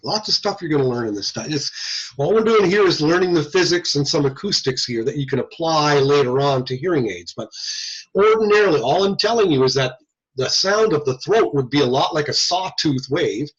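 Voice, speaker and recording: Male lecturer, husky, lively and questioning, somewhat high voice, lo-fi classroom tape. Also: a little fast. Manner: lively, talks to students with questions. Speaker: audiology lecturer.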